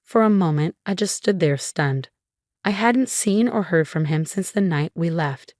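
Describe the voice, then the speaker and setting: A young woman tells a dramatic first-person story with steady, scripted delivery. Her voice sits on the low side, and the recording is dry and close, with no room sound. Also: unhurried, dry recording. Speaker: story narrator.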